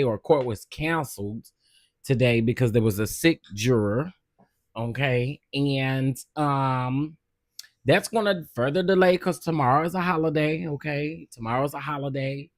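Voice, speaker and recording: A man hosting a casual live stream, greeting viewers by name and chatting in a loose, drawn-out way. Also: a little high, no echo, studio quality. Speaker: livestream host.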